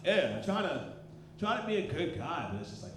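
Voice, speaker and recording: A man in his thirties performing a profane, animated stand-up comedy set on a club stage. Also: fairly high pitch, brisk, a little hiss or hum. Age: 30s. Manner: animated, profane, loud punchlines. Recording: roomy live club recording with crowd. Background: audience laughter.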